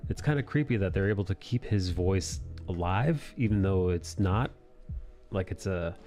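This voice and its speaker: A man hosts a drawing live stream, chatting casually in a rambling, profane way and constantly correcting himself. He's a comic artist and stream host with a deep, warm, expressive voice at normal speed.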